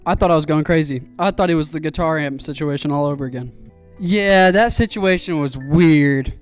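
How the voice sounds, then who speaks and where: Excitable young man telling a story. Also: a little high, moderate pace, faint music behind. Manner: animated, swearing, excitable storyteller. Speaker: streamer. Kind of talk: casual storytelling while building a PC.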